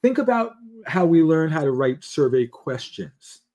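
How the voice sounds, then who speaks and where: Podcast host guy, kinda high but mellow voice, animated, makes fun of survey speak. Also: a little slow. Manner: animated, mocks stiff survey wording. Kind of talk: business podcast discussion.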